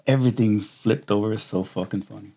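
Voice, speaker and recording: A man hosting a podcast with a gravelly, creaky voice that sits low for a man. He chats in a laid-back way with an old colleague and adds chuckling asides. His delivery stays casual and unhurried. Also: warm tone. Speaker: podcast host, former colleague. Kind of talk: casual chat.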